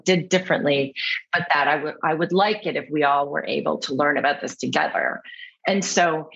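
Woman guest talking openly, kinda husky low voice, earnest, lo-fi sound. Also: fairly bright tone. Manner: earnest, reflective, acts out quotes. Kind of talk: candid interview conversation.

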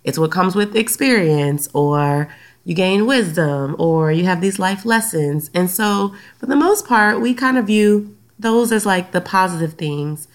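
A woman's voice: medium pitch, lively intonation, unhurried. A woman with a Southern US accent hosting her own podcast in casual chat, slightly stuffy from a recent sinus infection, with frequent "um"s. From Louisiana, US. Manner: chatty, many "um" fillers. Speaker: podcast host and counselor. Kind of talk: casual solo podcast talk.

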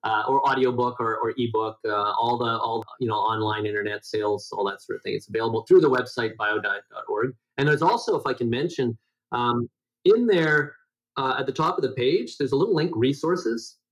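A man's voice: brisk, poor audio. Middle-aged man, nasal voice, interview guest, rambling and full of fillers. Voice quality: self-described high nasal voice. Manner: rambling, many restarts and fillers. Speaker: guest health educator. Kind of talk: conversational interview.

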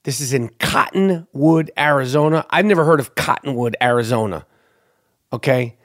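A man hosting a show, giving a crude, sarcastic, animated rant about odd news stories. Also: medium pitch, moderate pace. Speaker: show host. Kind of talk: profane comedic news rant.

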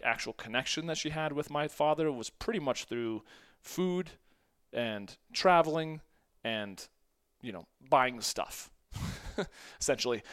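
A man's voice: mid-range voice, clean tone. A man in his forties hosting a solo podcast, talking casually and self-deprecatingly, often laughing between phrases. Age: 40s. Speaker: podcast host.

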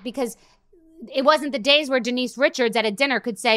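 A woman's voice: a little high, fairly quick, pushed and bright, dry recording, clean studio sound. A middle-aged woman hosting a podcast, chatting casually and rambling through a story, acting out the things people said. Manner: rambling storyteller, acts out quotes. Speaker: podcast host. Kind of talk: casual chat.

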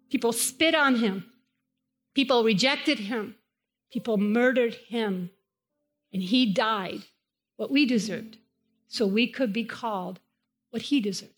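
A woman's voice: on the high side, a bit bright. Woman preaching with a Spanish accent. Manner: emphatic, repeats phrases for stress. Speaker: pastor. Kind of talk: sermon. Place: church chapel.

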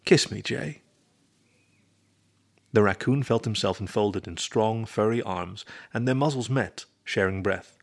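A man reading a story aloud as narrator in a steady storybook manner. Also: lowish voice, moderate pace, few pauses. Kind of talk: scripted narration.

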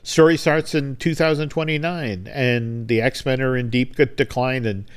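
This is a man at a typical middle pitch, co-hosting a podcast. He talks in a relaxed, conversational way as he recounts a long anecdote, slipping into brief acted-out lines whenever he quotes someone. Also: a little slow, clear, resonant tone. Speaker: podcast co-host. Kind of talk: casual storytelling chat.

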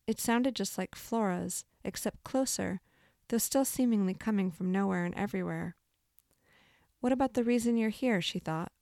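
A woman reads a story aloud in a measured, expressive way, her mid-range voice carrying a gravelly, creaky edge. The recording is close and dry, without room echo. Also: medium pitch. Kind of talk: audiobook narration.

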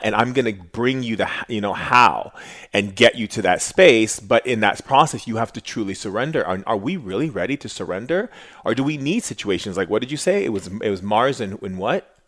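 A man's voice: on the low side, fairly quick. A man hosting a casual spiritual chat, telling stories animatedly and acting out quotes. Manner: animated storyteller, acts out quotes. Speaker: podcast host.

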